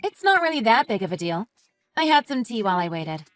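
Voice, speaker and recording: A woman's voice: fairly high pitch, big pitch swings, brisk, no echo, soft background music. Woman voicing a patient, polite friend. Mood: calm. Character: patient, polite young mother, calm and reasonable. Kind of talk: text-message story narration.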